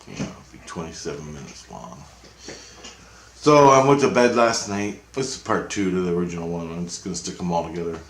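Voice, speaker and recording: A man's voice: deep voice, lively intonation, a little fast, fairly bright tone, reverberant, a little hiss or hum. A man giving a rambling, casual spiritual monologue at home, swearing and repeating himself. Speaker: spiritual vlogger. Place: apartment, indoors.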